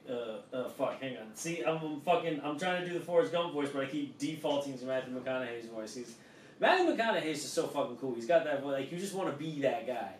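A man's voice: medium pitch, animated, brisk, slight background noise. A man hosting a podcast in casual chat, loose and rambling, swearing freely. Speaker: podcast host. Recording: roomy, distant mic.

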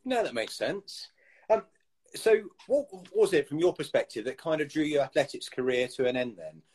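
A man's voice: fairly high pitch, lively intonation, normal speed, darkish tone, slightly rough. A man hosting an interview, asking loose, rambling questions and giving short acknowledgments. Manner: brief backchannels, rambling questions. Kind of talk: conversational interview.

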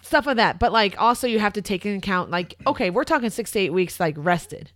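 A woman's voice: mid-range voice, expressive, quick pace, a bit bright, no room sound, clean studio sound. A woman co-hosting a casual podcast, blunt and slangy, swearing freely and explaining things like a trainer. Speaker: podcast co-host.

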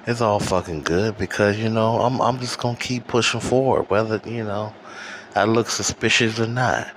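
Detroit guy ranting on his podcast, super deep voice, slow and cussing, ac humming faint in the background. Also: steady tone. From Detroit, USA. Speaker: podcast host. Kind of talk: solo ranting monologue. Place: home room with air conditioner running. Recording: faint air conditioner hum. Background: faint air conditioner hum.

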